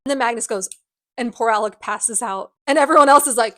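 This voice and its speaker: A woman's voice: a little high, brisk, fairly bright tone, no echo, clean studio sound. A woman giving a casual, comedic book recap, sarcastic and profane with chatty asides. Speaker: book youtuber. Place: indoors at home.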